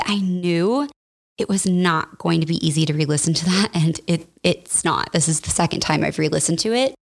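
Chatty young woman with a gravelly voice. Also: lowish voice. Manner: chatty, candid, uses "like" and "y'all" a lot. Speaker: podcast host. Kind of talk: casual personal podcast talk.

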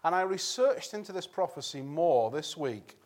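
A man delivers a sermon in a church, his voice sitting a touch high for a man. He speaks earnestly in a conversational way, stopping to clear his throat and circling back on his phrases. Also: lively intonation, moderate pace. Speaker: preacher.

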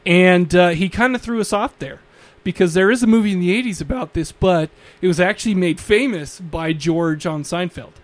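A podcast co-host with a high voice for a man, bantering playfully with his partner. He teases, laughs easily and keeps the chat casual. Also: moderate pace, no echo. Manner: playful teasing, laughs often.

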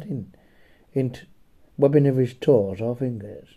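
A slightly hoarse man rambles through a crude comic story, swearing freely and ending his jokes with a chuckled "eh?". His tone is very dark and his voice is husky and rough. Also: mid-range voice, unhurried. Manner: foul-mouthed, rambling, chuckling, tags lines with "eh?". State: a bit hoarse. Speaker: comedic storyteller. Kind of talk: profane comedic storytelling chat.

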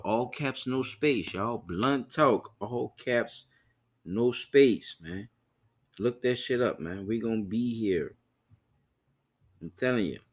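A man hosting a podcast in loose, profane casual chat, often repeating himself to listeners. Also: mid-range voice. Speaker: podcast host.

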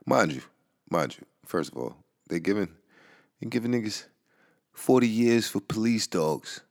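A man's voice: on the low side, very animated, measured pace, vocal fry. A man hosting a casual podcast monologue. He talks in a loose, rambling way, with many fillers, restarts and profanity, and gets heated at times. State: relaxed from smoking. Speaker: podcast host. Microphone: home podcast mic.

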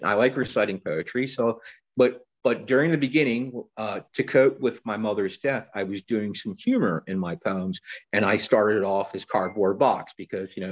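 A man talking as a guest poet in a casual interview, rambling and halting with lots of fillers and restarts. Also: lowish voice, breathy edge, lo-fi sound.

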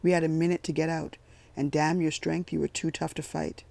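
A blunt, weary army captain speaks in a quiet, matter-of-fact way, as a man reads his part. The voice stays level and gravelly, with a somewhat raised pitch. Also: level tone, brisk, dry recording. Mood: steady.

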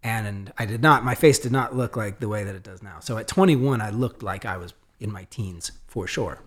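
A man's voice: lowish voice, normal speed. A man, a podcast guest, telling a story in a casual way, acting out the dialogue of the people in it. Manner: animated, acts out quoted dialogue; frequent fillers and restarts.

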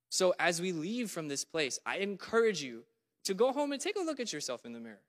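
A man preaching a sermon in a church, lively and dramatic, acting out what God says. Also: high-pitched, a little fast, big-room sound. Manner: animated, voices God in dramatic quotes.

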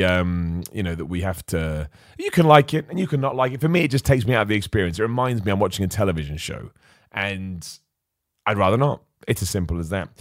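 In a clean studio recording without echo, a man with a lowish voice hosts a podcast about wrestling. His chat is casual and full of opinions, he reads out super chats, and he often stumbles as he speaks.

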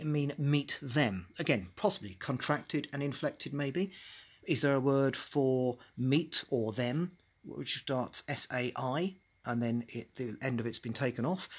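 A man's voice: medium pitch, breathy edge. A man hosting a solo podcast, thinking aloud and musing as he picks apart words, often restarting mid-phrase. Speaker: podcast host.

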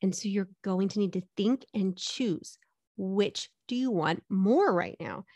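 A woman's voice: medium pitch, animated, unhurried, darkish tone, dry recording. A middle-aged woman coaching with a direct, upbeat delivery, putting rhetorical questions to the listener. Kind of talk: motivational coaching talk.

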